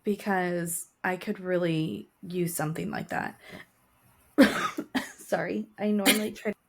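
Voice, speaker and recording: A woman's voice: fairly low pitch, fairly even intonation, takes it slowly, creaky, noisy background. A woman in her forties co-hosting a podcast, chatting casually and telling stories with laughs and emotion. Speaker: podcast co-host. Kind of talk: casual chat.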